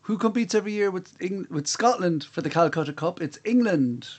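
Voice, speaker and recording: A man's voice: high-pitched, lively intonation, fairly quick, darkish tone. Chatty man hosting a quiz. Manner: chatty, self-mocking asides between questions. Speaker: quiz host. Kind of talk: live-streamed pub quiz. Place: room at home.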